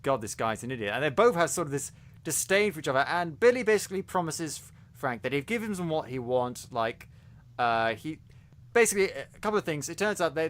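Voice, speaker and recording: A man's voice: a little high, fairly bright tone. A man co-hosting a podcast, reviewing a series in casual chat, talking animatedly with many restarts and stumbles. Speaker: podcast co-host.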